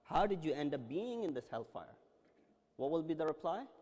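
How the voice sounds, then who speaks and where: A man preaching with a high, animated voice that climbs and falls as he acts out every exchange. The sound carries a long reverb from a large hall. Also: moderate pace. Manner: dramatic storytelling, acting out quoted dialogue. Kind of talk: religious lecture. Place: large Islamic center hall.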